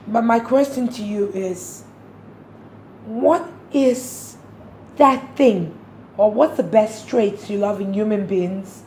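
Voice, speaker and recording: A woman hosting an interview, asking measured questions with frequent fillers. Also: medium pitch, dark tone. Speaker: interview host. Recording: roomy with faint noise.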